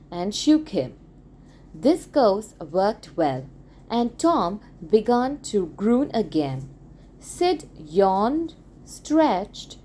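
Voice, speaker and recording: A woman reads a story aloud for schoolchildren, at an unhurried pace. Her pitch rises and falls in a lively way, and each phrase is clear and deliberate. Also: slight background noise. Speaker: audiobook reader. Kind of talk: expressive read-aloud narration.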